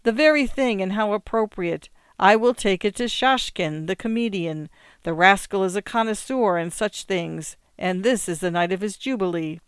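A reader putting on an excitable young lawyer. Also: medium pitch, normal speed, clear, resonant tone, no echo, natural voice. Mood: scheming. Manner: exclamatory, gushing.

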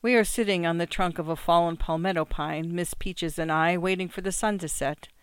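A calm reader carries a literary short story at an even, measured pace. The voice is smooth and resonant. The recording is close and completely dry, with no room sound. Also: mid-range voice, no room sound. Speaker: audiobook reader. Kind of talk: scripted short story narration.

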